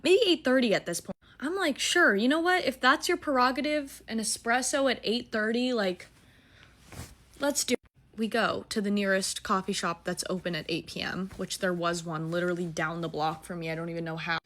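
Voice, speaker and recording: A woman in her twenties casually telling a dating story, animated, swearing and mocking herself. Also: mid-range voice, moderate pace. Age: 20s.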